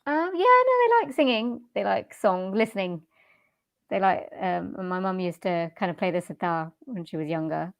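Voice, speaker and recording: This is a young woman chatting easily as a podcast guest, laughing often and restarting her sentences. Her voice sits at a middle pitch. The recording is dry and close, with almost no room sound. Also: expressive, normal speed, vocal fry, dry recording. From Wales. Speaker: jazz singer and voiceover artist, guest. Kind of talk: casual interview chat.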